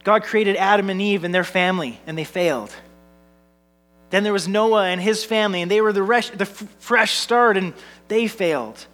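A man's voice: high-pitched, normal speed, a bit bright, faint music behind. A man, a pastor preaching a sermon in an earnest way, building with repeated phrases and telling family stories.

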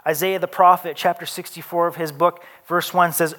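Man, sermon, high-pitched, deliberate, loud peaks and soft drops, casual asides. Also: fairly even intonation. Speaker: pastor.

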